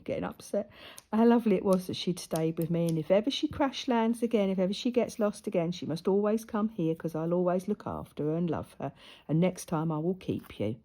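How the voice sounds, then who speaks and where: A woman's voice: deep voice, warm tone. A woman casually telling a story while she sews, chatty and laughing often. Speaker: crafter and vlogger. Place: at home in front of a camera.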